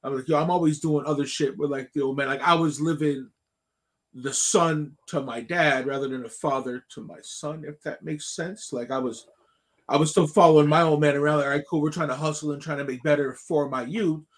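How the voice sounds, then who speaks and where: A man in his thirties chats in a casual podcast, his voice sitting a little higher than most men's. He rambles through a long personal story in an animated way, restarting his sentences and swearing freely. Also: fairly quick. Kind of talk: casual chat.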